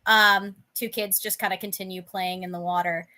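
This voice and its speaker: A woman's voice: mid-range voice, level tone, normal speed, sharp tone. A young woman as game master, describing a scene in a tabletop game in a rambling way, full of fillers and restarts.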